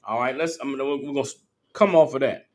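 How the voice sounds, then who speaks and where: A man's voice: medium pitch, fast, a little mellow. A man teaching scripture, emphatic and profane, checking in with his listeners. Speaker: Bible teacher. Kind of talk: call-and-response scripture teaching.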